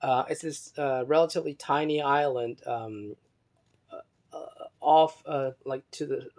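A man talks on his own in a meandering monologue, reading from an article as he goes. His voice sits at an ordinary middle pitch. He hesitates often, restarts phrases, and spells out words one letter at a time, drifting between soft muttering and louder emphasis. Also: fairly even intonation, a little slow.

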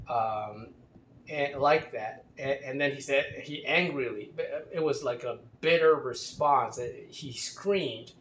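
A man's voice: medium pitch, a little slow, fairly bright tone. A man telling a casual anecdote in a rambling, hesitant way, often restarting his sentences. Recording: roomy with faint ambient noise.

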